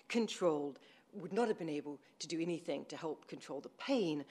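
A woman's voice: deep voice, a little mellow. A woman giving a history lecture to an audience, reading from her notes, with frequent ums and self-corrections. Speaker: academic lecturer. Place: room with an audience.

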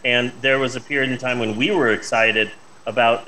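A man co-hosting a casual chat show, animated and swearing freely. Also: medium pitch, moderate pace, a little hiss or hum, poor audio. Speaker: co-host.

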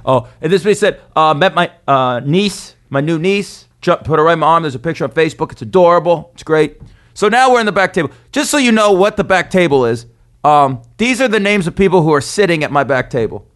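A man telling a rowdy story in a casual podcast chat, animated and swaggering, acting out the people he describes. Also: fairly high pitch, fairly quick. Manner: animated, swaggering storyteller who acts out the people in his stories. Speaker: podcast co-host.

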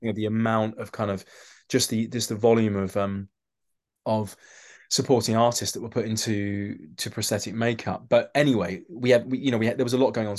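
A man with a London accent, an actor telling animated anecdotes in a podcast interview, often restarting his sentences and acting out the voices of the people in his stories. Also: lowish voice. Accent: London English. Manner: animated storyteller, acts out quoted voices, many restarts. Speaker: actor guest.

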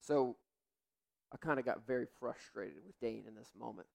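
A man's voice: medium pitch, moderate pace, gravelly. A young adult man, a pastor, preaching a sermon in a candid, conversational way through personal stories.

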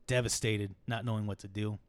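A man's voice: on the low side, little pitch movement, a little fast, dry recording. A man hosting a podcast, retelling a story in a casual, rambling way, swearing freely and acting out the quotes. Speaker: podcast host.

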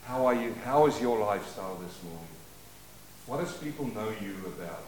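A man preaching a sermon as pastor, leading call-and-response and moving between quiet asides and loud declarations. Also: lowish voice, expressive, normal speed, echoey room, a little hiss or hum. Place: church.

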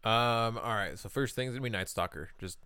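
Male podcast host, low clear voice, casual and a bit profane, dry studio sound. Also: fairly quick, sharp tone, no room sound. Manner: laid-back, swears casually. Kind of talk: casual gaming podcast chat.

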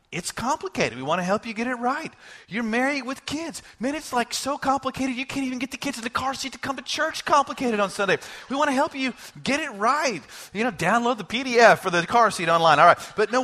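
A male pastor preaching a sermon to his church, animated and joking, acting out the voices of the people he quotes. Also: very high voice, a little fast. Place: church service.

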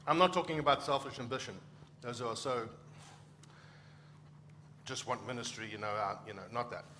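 Pastor guy from africa preaching, bright voice, chatty and animated, acts out little quotes. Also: mid-range voice, normal speed, slight background noise. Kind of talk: sermon.

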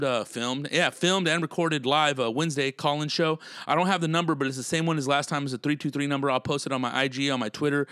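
A man's voice: mid-range voice, a bit bright, clean tone, dry recording, clean studio sound. A man hosting his own podcast, a comedian telling a travel story in a casual, rambling way with lots of swearing and fillers. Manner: laid-back, swears often, many fillers.

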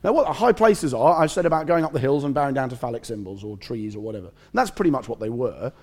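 A man preaching a lively, conversational sermon with humor, reading scripture aloud and commenting as he goes. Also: medium pitch, quick pace.

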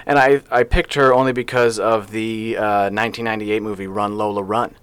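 A man's voice: on the low side, flat delivery, fairly quick, fairly bright tone, clean tone, dry recording. A man co-hosting a local sports podcast in casual chat, rambling and playful as he talks through his picks. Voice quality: chatty, rambling, playful about names. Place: small podcast studio.

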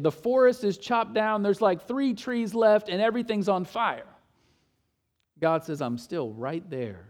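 A man preaching a sermon in a conversational storytelling way, asking the congregation rhetorical questions and moving between hushed and emphatic delivery. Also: high-pitched. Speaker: pastor.

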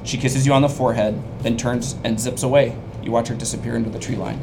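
A man acting as game master, narrating a tabletop game in a relaxed, descriptive way. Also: medium pitch, fast talker, gravelly, over music. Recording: noisy background.

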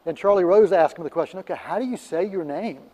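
A man chats casually as a film critic co-host. His voice sits a little high and he rambles through fillers and restarts. There is a long reverb tail on the recording. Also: quick pace, warm tone. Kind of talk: casual radio chat.

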